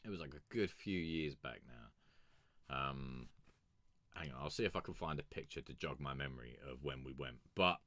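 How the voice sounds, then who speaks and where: A man's voice: very deep voice, moderate pace, sharp tone, no echo. A young man hosting a music review stream, telling a rambling, sweary story in a casual chat.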